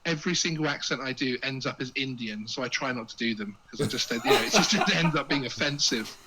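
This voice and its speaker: A man's voice: medium pitch, fast talker, a loud crowd, rough recording. A man, a guest chatting casually with jokey asides and repeated words as he gets going. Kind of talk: casual chat.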